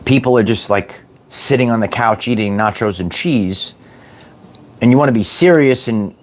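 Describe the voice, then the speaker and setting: A man's voice: medium pitch, normal speed, slight background noise. A middle-aged man hosting a spiritual wellness livestream, talking to his chat in a playful, repetitive motivational style and drawling words like "baby".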